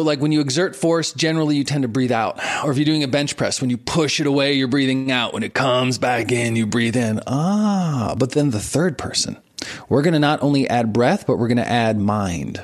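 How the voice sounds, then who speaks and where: A man in his forties, a guest on an interview show, teaching with lively examples and frequent laughter. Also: mid-range voice. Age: 40s. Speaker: martial arts and meditation teacher, guest. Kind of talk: explanatory interview talk.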